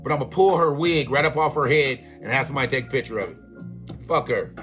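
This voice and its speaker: A man hosting a live stream, ranting in a profane, animated way with laughing asides. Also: mid-range voice, fast, over music. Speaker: livestream host. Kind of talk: live commentary rant.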